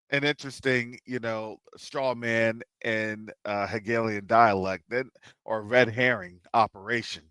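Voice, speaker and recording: Bright-voiced man giving political commentary. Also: lowish voice, steady tone, slow, pauses often, clean tone, no echo. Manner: rhetorical, repeats questions, drops into asides. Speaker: show host.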